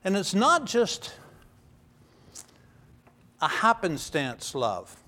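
A middle-aged man preaching a sermon as pastor, earnest and emphatic, with restarts and some throat clearing. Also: high-pitched, wildly swooping pitch, very slow. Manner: earnest, emphatic, builds to loud stressed phrases.

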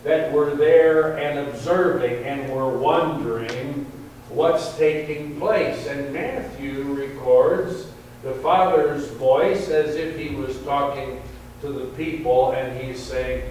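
A man preaching a sermon, slow and deliberate, lifting his voice on quoted verses. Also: mid-range voice, a little mellow. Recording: very echoey hall, distant mic, faint hum.

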